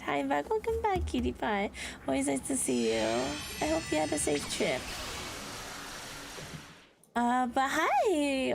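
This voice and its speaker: A woman streamer chatting excitedly with her live chat, bubbly and quick to laugh. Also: high-pitched, gravelly, background noise. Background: background music.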